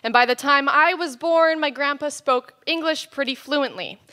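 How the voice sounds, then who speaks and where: A woman's voice: high-pitched, normal speed, bright, forceful tone. A teenage girl performing a comic spoken word story as a student slam poet. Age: teens. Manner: storytelling, playful comic timing.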